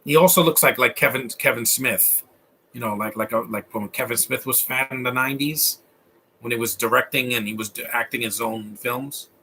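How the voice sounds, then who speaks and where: A man with a Latino accent chats loosely about films on a live stream, rambling and often restarting his sentences. His mid-range, sharp-toned voice moves at a moderate pace, with slight background noise.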